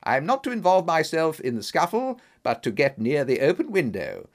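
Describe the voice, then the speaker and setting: A man voicing an eager, loyal male companion in an audiobook reading, speaking a little higher and keener. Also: wildly swooping pitch, normal speed. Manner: keen, willing, slightly raised voice.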